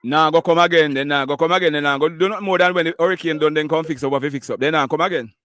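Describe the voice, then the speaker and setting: A man's voice: a little high, very fast, a bit bright, no echo, studio quality. A Jamaican man hosting a live call-in news show, chatting in a mix of patois and English and laughing often. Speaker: live news show host taking callers. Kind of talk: casual call-in chat.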